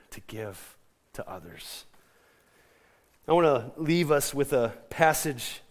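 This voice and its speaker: A middle-aged male pastor preaching a sermon, telling a lively story with asides and questions to the congregation. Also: mid-range voice.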